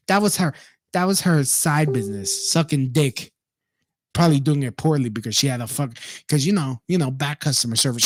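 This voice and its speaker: A man's voice: fairly high pitch, a bit bright, no echo. Profane, indignant man ranting over news. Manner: profane, indignant, breaks off to mock. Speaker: online commentator. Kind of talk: reading news and ranting about it.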